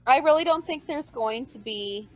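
A woman's voice: sits high, animated, moderate pace, poor audio. A woman co-hosting a casual wrestling podcast, chatty and talking straight to her viewers. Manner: chatty, addresses viewers as guys, many fillers. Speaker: podcast co-host.

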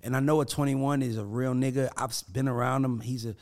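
Animated man telling stories on a podcast. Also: medium pitch, brisk. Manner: animated storyteller who acts out quotes, curses freely. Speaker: podcast guest. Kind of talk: casual podcast chat.

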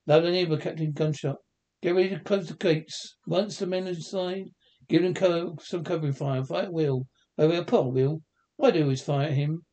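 Brief: male reader of a comedy film script, a touch high, warm mellow tone, all parts in one voice. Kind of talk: reading a film script aloud.

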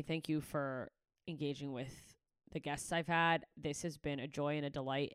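A woman's voice: lowish voice, a bit bright, clean tone, no room sound, studio quality. A woman comedian signing off her podcast in a candid, rambling way, swearing freely as she chats. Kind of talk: casual podcast sign-off chat.

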